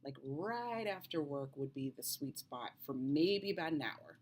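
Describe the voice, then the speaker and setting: A woman's voice: deep voice, lively intonation, unhurried, darkish tone. A woman health coach in her thirties, explaining advice to camera and checking in with the viewer with a frequent "okay?".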